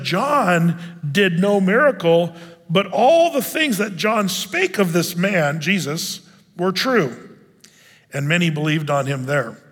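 Animated high-voiced male preacher. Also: in a large hall. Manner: animated, acts out quotes with sudden loud bursts. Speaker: pastor. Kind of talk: sermon.

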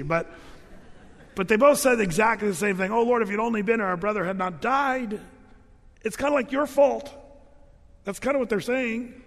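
High-voiced pastor in a reverberant hall. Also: male voice, a bit bright. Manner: conversational and jokey, drops low for read verses. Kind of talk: sermon reading and explaining scripture.

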